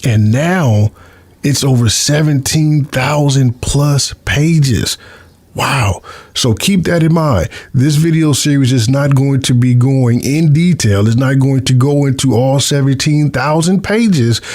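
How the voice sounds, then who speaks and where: A certified tax preparer, a man, teaching taxes in a relaxed explainer style, repeating words now and then. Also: mid-range voice, slow. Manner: friendly, repeats words, chuckles at his own jokes. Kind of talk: casual explainer lesson.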